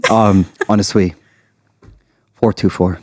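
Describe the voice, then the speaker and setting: A man's voice: lowish voice, steady tone, slow pace, darkish tone, no echo, clean studio sound. A man hosting a podcast as a wedding MC, chatting casually in a playful, teasing way. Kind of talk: casual chat.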